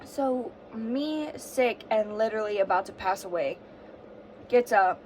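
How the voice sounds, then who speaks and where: A woman's voice: mid-range voice, expressive, measured pace, darkish tone, slight background noise. A young woman telling a story in a casual vlog, sick with a fever and sore throat, ranting dramatically and swearing a lot. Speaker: vlogger.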